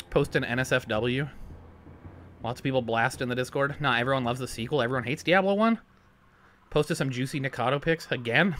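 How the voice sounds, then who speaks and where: A man's voice: on the high side, pushed and bright. A tired man streaming a game at home, joking, swearing a lot and reading chat messages aloud. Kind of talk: casual let's-play chat.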